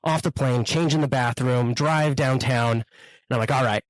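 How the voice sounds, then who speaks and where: Young american man, podcast host, joking storyteller, mid pitch, dry close sound. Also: moderate pace, no room sound, rough recording. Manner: joking, rambling anecdotes. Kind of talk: casual chat, storytelling.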